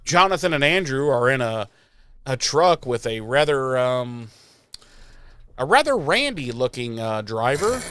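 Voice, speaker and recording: A man's voice: medium pitch, sing-song, a little slow, a bit bright, clean tone. A man hosting a podcast, recapping an episode in a rambling, sarcastic and profane casual chat. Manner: rambling, sarcastic, swears freely. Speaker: podcast host.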